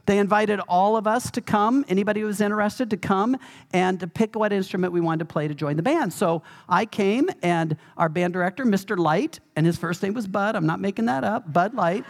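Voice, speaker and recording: A man preaching a sermon as pastor, emphatic and animated, with touches of humor. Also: high-pitched, fairly quick, creaky.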